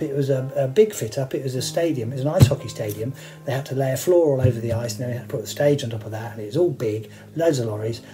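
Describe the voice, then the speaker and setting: A man's voice: mid-range voice, mellow, low-quality recording. A man hosting, telling rambling, wry anecdotes with many asides and fillers. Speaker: host sharing stage rigging anecdotes.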